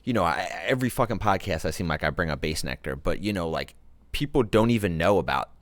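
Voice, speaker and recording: A man's voice: low-pitched, lively intonation, fast, no room sound. A man hosting a casual music podcast, laid-back and slangy, musing about the scene. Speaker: podcast host and music producer. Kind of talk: casual chat.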